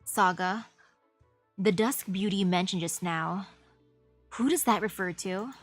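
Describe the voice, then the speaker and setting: A woman's voice: medium pitch, a little slow, faint music behind, pitched below the performer's own voice, natural voice. A woman voicing a refined, vain young man who speaks in a formal, old-fashioned way while holding a fan. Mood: wary.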